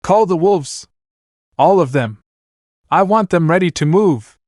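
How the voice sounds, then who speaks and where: A man voicing a menacing male villain warlord who shouts angry orders. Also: mid-range voice, unhurried, dry recording, studio quality, lightly acted. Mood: commanding.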